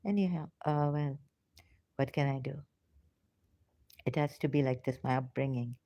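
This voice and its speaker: A woman's voice: a bass voice, normal speed, mellow, no room sound. A woman giving an emotional, passionate, pleading monologue to her viewers, now and then dropping into a whisper. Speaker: ex-religious vlogger. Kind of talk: impassioned spoken monologue.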